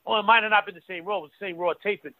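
Male co-host, high voice, tinny phone-line sound, emphatic. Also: steady tone, very fast, dry recording. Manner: emphatic, stumbling restarts. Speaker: wrestling podcast co-host. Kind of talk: casual chat.

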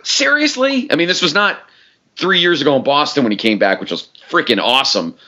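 A man co-hosting a casual podcast chat, animated and playful, often mimicking reactions. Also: fairly quick, muffled recording. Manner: animated, shifts pitch a lot when mimicking reactions. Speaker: podcast co-host.

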